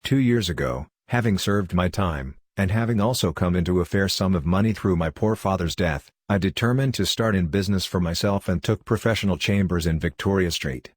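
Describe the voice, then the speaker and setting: A man reading a classic story aloud as a first-person audiobook narration, in a measured way. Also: deep voice, no room sound, studio quality. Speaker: audiobook reader.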